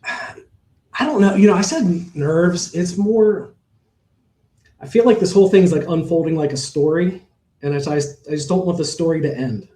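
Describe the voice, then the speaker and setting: A man's voice: on the high side, normal speed, mellow. Rambling man telling stories, roomy sound. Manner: rambling, storytelling with many fillers and restarts. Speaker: horse owner guest. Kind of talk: casual storytelling interview.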